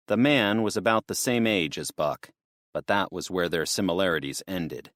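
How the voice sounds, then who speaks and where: A man narrating an audiobook in a steady, measured storytelling manner. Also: sits low, no echo, studio quality.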